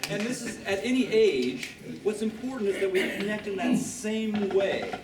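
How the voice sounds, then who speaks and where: A man coaching a chorus rehearsal, energetic and encouraging, with sung demonstrations. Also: high-pitched, moderate pace. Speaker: vocal coach. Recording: echoey room, distant mic, loud background noise.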